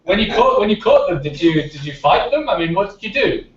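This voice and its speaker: A man's voice: high-pitched, big pitch swings, brisk, a little hiss or hum. A man hosting an online science panel on a video call, friendly and prompting speakers in turn. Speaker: panel moderator. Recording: echoey, distant, dull lo-fi call audio.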